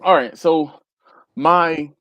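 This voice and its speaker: A man with a slightly high voice hosting a live online chat. He tells a long, loose story with plenty of animation, jumping into other people's voices as he goes. The talk is relaxed and conversational. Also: drawn-out words, no echo. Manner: animated, acts out quoted people. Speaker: live stream host.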